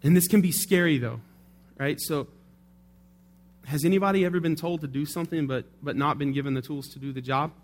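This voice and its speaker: A male pastor preaching in a relaxed, conversational way, often checking in with his listeners through tag questions. His voice sits a little higher than most men's. He talks through his points as if chatting with his congregation. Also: fairly quick. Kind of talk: sermon.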